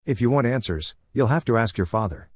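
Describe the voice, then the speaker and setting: A man's voice: mid-range voice, lively intonation, fairly quick, no echo, close to an everyday voice. A man voicing a laid-back male ninja teacher with a dry, teasing manner.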